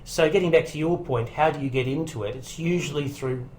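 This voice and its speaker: A man's voice: on the high side, fairly quick, slight background noise, low-quality recording. A man, a guest voice actor and comedian, telling casual interview anecdotes and acting out the people he quotes. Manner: animated storyteller who quotes people in character. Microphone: home recording setup.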